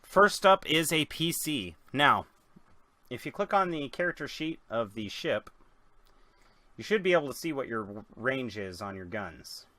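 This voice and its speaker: A man runs a tabletop role-playing game as game master, explaining rules and narrating scenes. His voice is bright and clear, recorded dry and close with no room sound. He speaks at an ordinary pitch for a man. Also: very animated, measured pace, dry recording.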